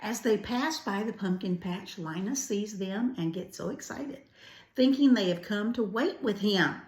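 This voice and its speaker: Slow older woman reading a storybook. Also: mid-range voice. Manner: gentle, adds chatty asides. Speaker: grandparent storyteller. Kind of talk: storybook read-aloud. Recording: roomy echo.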